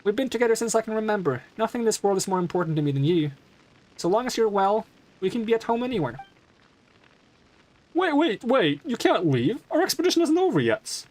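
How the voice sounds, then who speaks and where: A man's voice: sits high, sing-song, brisk, a little mellow, pitched above the performer's own voice. A man voicing an earnest young daughter who pleads with her devoted father. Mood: urgent.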